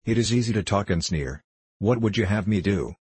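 A man's voice: lowish voice, animated, brisk, darkish tone, breathy edge, dry recording. A man reading an audiobook, voicing a weak old grandfather who speaks in helpless desperation. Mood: desperate.

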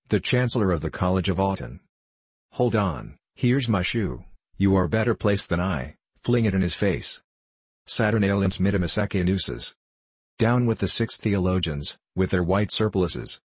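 Man, audiobook narrator, deep husky voice, dry close mic. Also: no room sound. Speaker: audiobook reader. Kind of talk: scripted narration.

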